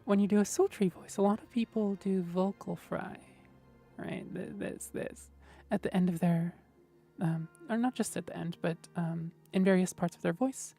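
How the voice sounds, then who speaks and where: A woman streamer in casual livestream chat, explaining voice technique in a gentle, thoughtful way and often checking in with "right?". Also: lowish voice, a little fast, gravelly, soft background music. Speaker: streamer host.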